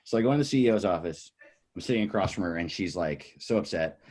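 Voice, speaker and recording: A young man tells a long, rambling story, full of swearing, and he acts out every person in it. His pitch leaps up and down, from low mutters to high yelps. It sounds like casual podcast talk. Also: fast talker. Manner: animated storyteller, acts out quoted people, swears a lot. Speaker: comedian guest.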